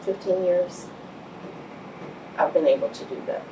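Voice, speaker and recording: Low-voiced woman telling her story. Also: a little slow, lo-fi sound, background noise. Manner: animated storyteller, laughs often, acts out quotes. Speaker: business owner guest. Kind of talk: storytelling interview. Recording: echoey room, mic far off.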